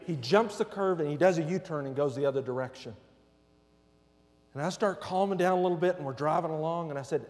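A man in his forties preaches from the pulpit, spinning a story with animated energy and acting out each exchange. His voice sits a touch higher than most men's. It rings with the long reverb of a large hall. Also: fairly quick. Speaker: pastor. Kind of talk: storytelling sermon.

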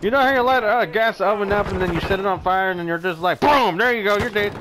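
A man's voice: high voice, fast talker, very noisy. A man playing an online shooter, joking crudely and swearing as he plays. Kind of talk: casual gameplay banter. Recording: gunfire game audio under voice.

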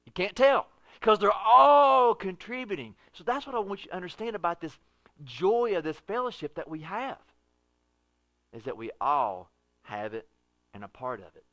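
A man preaching a sermon in a bright, ringing voice that sits a little high for a man. He swings between loud, soaring exclamations and low, hushed lines. The sound is close and dry, with no room around it. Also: very animated, moderate pace, no room sound. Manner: preaching with wide swings in pitch and loudness. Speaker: pastor.

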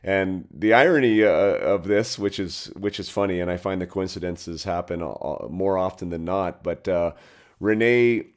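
A man's voice: low voice, unhurried. A middle-aged man hosting a podcast, introducing the episode and his guest in an upbeat way with frequent fillers. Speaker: podcast host.

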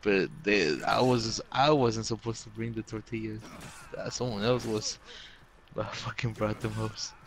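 A man's voice: on the low side, a little slow, low-quality recording. A young man telling rambling childhood stories to friends in casual chat, full of swearing and fillers. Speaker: storyteller among friends.

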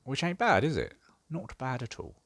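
A man's voice: mid-range voice, wildly swooping pitch, moderate pace, vocal fry, music in the background. A man casually talking through a strategy game as he plays, thinking aloud with dry sarcasm. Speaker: gaming channel host. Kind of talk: casual gameplay commentary.

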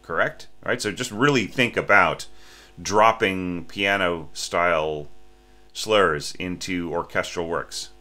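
A man with a very low voice and a bright, forceful edge critiques an orchestration score in a halting way full of restarts and "right?" checks. He sometimes sings or breathes out the phrasing, and he sounds a little sleepy. A faint mains hum runs under the recording. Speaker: orchestration teacher.

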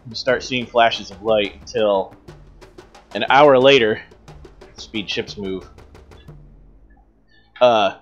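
A man's voice: mid-range voice, lo-fi sound. A man running a tabletop role-playing game as game master, narrating the scene in a casual, joking way.

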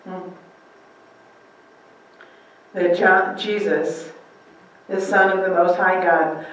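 A woman's voice: on the low side, heavy reverb, distant mic, low-quality recording. A woman pastor preaching a conversational sermon, asking the room questions and acting out quotes. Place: church sanctuary.

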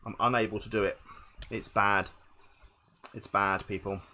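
A man's voice: lowish voice, level tone, a little slow, bright, forceful tone. A man commenting live on his own gameplay, talking to his chat and grumbling at his mistakes. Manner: exasperated self-talk, addressing chat as people. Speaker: gaming streamer.

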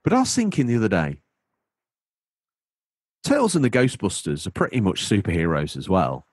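A man's voice: lowish voice, huge pitch swings, normal speed, slightly rough, no echo. A man hosting a podcast, rambling playfully in casual chat. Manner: playful, rambling, breaks into silly put-on voices. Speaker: podcast host.

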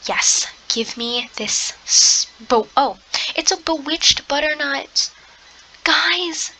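A young woman commenting on her game play, excitable, gasping often and slipping into soft half-whispered asides. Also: high-pitched, slow pace, poor audio. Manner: excitable, gasping, lots of exclamations. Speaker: gamer.

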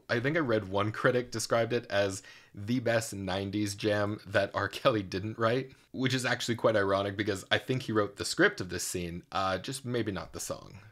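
A man's voice: on the low side, a bit bright. A man, a musical theatre coach, giving enthusiastic, admiring reaction commentary with frequent fillers.

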